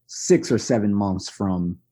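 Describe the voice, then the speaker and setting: New man, 20s, podcast guest, lowish voice, animated candid storyteller. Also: slow. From Brooklyn, New York. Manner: animated, candid, self-deprecating. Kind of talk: conversational storytelling.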